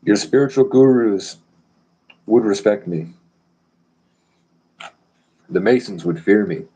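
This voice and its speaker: A man's voice: on the low side, lively intonation, takes it slowly, warm tone, breathy edge, highs cut off. A man rambling boastfully and provocatively on a live stream.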